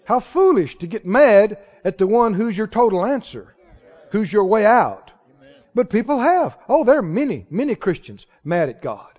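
A man preaching a sermon who swings between quiet asides and shouted exclamations, asking the congregation question after question. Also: sits high, big pitch swings, normal speed. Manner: fires rhetorical questions at the congregation. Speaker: pastor. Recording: dull lo-fi recording.

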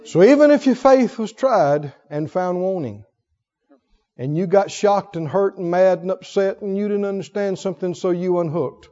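A man preaching a sermon with fervor, swinging from hushed tones to shouts. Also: high-pitched, moderate pace. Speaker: pastor. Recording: dull sound in a long-reverb hall.

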